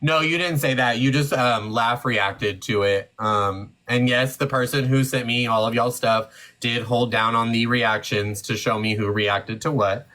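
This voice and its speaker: A man's voice: mid-range voice, fairly even intonation, unhurried, bright, forceful tone, poor audio. A man hosting a live stream, talking bluntly and confronting his critics in casual chat.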